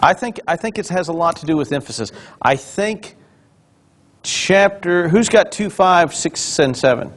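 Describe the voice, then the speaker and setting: A man, a pastor, teaching a Bible study in a relaxed conversational way, explaining and quizzing the class with questions. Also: sits high, unhurried.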